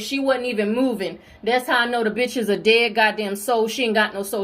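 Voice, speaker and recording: A woman's voice: a little high, fairly bright tone. A woman delivering a heated spiritual rant, profane, fiery and confrontational. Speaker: spiritual video creator.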